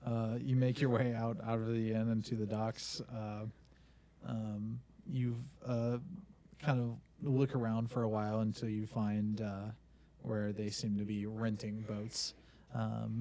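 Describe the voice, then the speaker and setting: A man narrating a tabletop game as game master, in a low, gravelly voice. He talks in a relaxed, hesitant way, with frequent ums and uhs. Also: slight background noise. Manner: relaxed, hesitant, many fillers.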